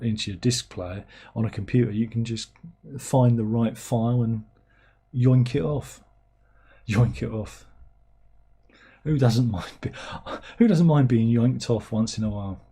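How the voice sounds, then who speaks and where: A man's voice: medium pitch, moderate pace, warm tone, breathy edge. A middle-aged man, hosting a livestream in casual chat. He rambles and mocks himself as he reads out viewers' comments. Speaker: livestream host.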